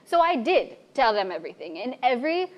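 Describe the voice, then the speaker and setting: A young woman telling a personal story live on a bar stage, lively and animated, acting out her own past lines. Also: a little high, a little fast, lo-fi sound. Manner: lively, animated, acts out quoted voices. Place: bar stage before an audience.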